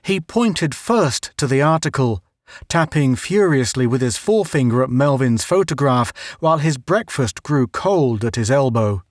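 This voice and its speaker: A man narrating a story in a measured, even reading. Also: mid-range voice, dry recording, studio quality. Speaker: audiobook narrator. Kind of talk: scripted narration.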